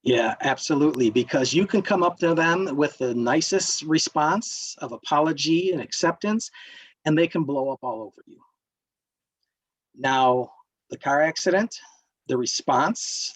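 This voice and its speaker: A man's voice: fairly high pitch, measured pace, husky, dry recording, low-quality recording. A man leading an interactive wellness workshop, lecturing and putting questions to the group. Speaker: workshop instructor.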